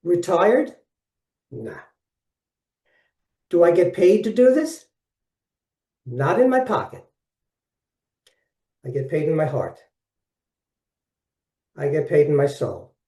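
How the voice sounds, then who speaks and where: A man's voice: a little high, big pitch swings, slow, pauses often, warm tone. A man in his seventies from Brooklyn, New York, with a Brooklyn accent, giving a folksy, upbeat webinar presentation that talks straight to his listeners. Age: 70s. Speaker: workshop presenter. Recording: distant mic in an echoey room.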